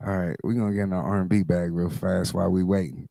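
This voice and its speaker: A man's voice: sits low, fast talker, vocal fry, hardly any pauses. A man acting as DJ co-host on a live stream, talking casually and hyping up the chat. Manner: relaxed, hypes the audience.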